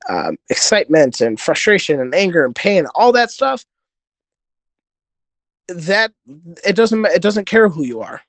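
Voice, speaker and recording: A man's voice: high voice, very animated, unhurried, long pauses, no room sound. A man telling stories in a casual podcast interview, earnest and rambling with many restarts. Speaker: podcast guest, jiu-jitsu competitor.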